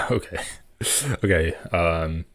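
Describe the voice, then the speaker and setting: A man with a low, deep voice hosts a live political stream. He reads from an article and keeps cutting in with profane, animated comments. His dry, close sound carries no room echo. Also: slow pace.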